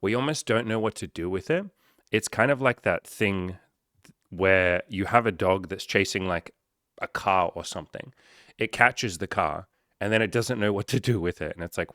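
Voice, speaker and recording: Very deep-voiced man, casual and profane. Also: normal speed, a bit bright, no echo, clean studio sound. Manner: loose, profane and joking, rambling asides. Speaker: life coach and podcaster. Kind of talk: casual solo podcast monologue.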